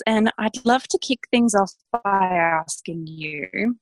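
A woman's voice: medium pitch, animated, takes it slowly, faint music behind. A woman hosting a podcast interview, gushing and lavish with praise for her guest. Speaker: podcast host.

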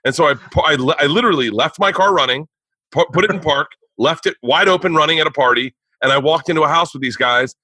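A man, a comedian, telling a profane story in casual podcast talk, animated and laughing. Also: fairly high pitch, fast talker, husky, no echo, rough recording.

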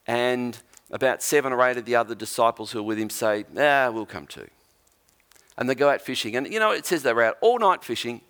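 A man's voice: medium pitch, fast talker, few pauses. A man preaching a sermon as a pastor, telling a Bible story with humour and acting out the lines of its characters. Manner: animated storyteller, acts out quotes.

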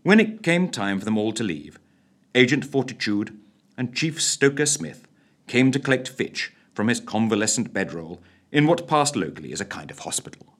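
Expressive male storyteller. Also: medium pitch, normal speed. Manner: expressive, theatrical. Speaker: narrator. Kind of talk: theatrical bedtime story narration.

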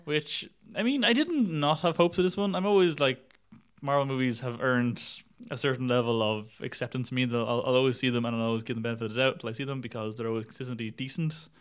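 A man's voice: mid-range voice, fast, clean tone. Wry rambling man in casual chat. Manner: rambling, wry, laughs at his own jokes, swears. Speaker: podcast film reviewer.

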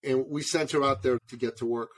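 A man in his forties, a podcast guest from Canada, telling a story in an animated way and calling the host brother. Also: medium pitch, brisk. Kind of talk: storytelling interview.

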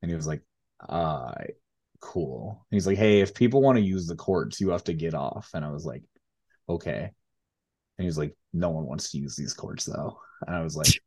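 A man's voice: extremely low pitch, expressive, normal speed, a little mellow, husky. A young man co-hosting a podcast, telling a story in a laid-back way, full of fillers and laughs. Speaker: podcast co-host and high school tennis coach. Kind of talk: casual storytelling chat.

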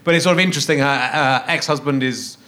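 A man's voice: mid-range voice, fast, pushed and bright. A man hosting an interview podcast on stage, stopping and restarting his questions and laughing easily. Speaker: podcast host. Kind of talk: casual interview chat. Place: live theatre stage.

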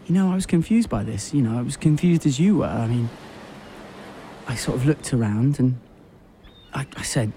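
A man at a middle pitch tells a surreal story in a rambling, deadpan way, looping back over phrases and leaning on fillers. A faint hiss sits under the voice. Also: moderate pace, long pauses. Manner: rambling, repetitive, full of fillers. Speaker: radio show host. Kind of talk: absurd deadpan storytelling monologue.

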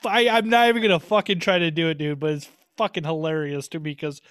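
A man chatting casually as a podcast host, easygoing and quick to laugh, with plenty of swearing. His voice sits a little higher than most men's. The sound is close and dry, with no room around it. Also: fairly even intonation, a bit bright, clean tone, no room sound. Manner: laid-back, swears a lot, laughs often. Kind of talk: casual chat.

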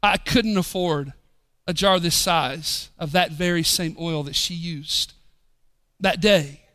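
A man preaching a sermon as pastor, swinging from shouted emphasis to low, quiet drops. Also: slow pace. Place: church.

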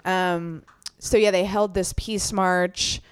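A woman's voice: fairly low pitch, steady tone, slow pace, smooth, no room sound. A woman co-hosting a podcast in casual chat, reading out news items and laughing often with her co-host.

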